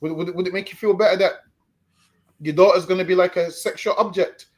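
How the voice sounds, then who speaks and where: A man's voice: high voice, fairly even intonation, brisk. A man hosting a live stream show, chatting casually and often stammering and repeating words. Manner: stammering repetitions, easygoing.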